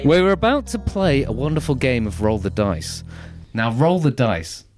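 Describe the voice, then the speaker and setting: A man's voice: mid-range voice, big pitch swings, normal speed, over music. A man hosting a podcast game, explaining the rules in short, clipped phrases. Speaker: podcast host running a game. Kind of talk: casual chat.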